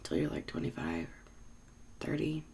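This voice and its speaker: A woman's voice: deep voice, sing-song, a little slow, vocal fry, darkish tone, a little hiss or hum. A woman in her thirties, a bartender hosting her own show, rambling casually, swearing often and mocking herself with frequent laughter. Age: 30s.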